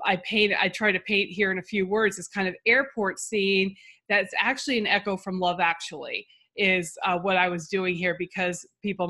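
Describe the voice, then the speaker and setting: A woman's voice: lowish voice, bright, forceful tone. A middle-aged woman writing coach talks casually through her own social media post, chatty and self-deprecating with lots of fillers.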